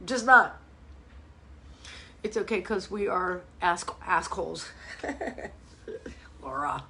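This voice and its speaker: A middle-aged woman fitness coach chatting on a live stream, blunt and animated, cursing freely. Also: fairly low pitch, takes it slowly, a little hiss or hum. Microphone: phone or webcam mic.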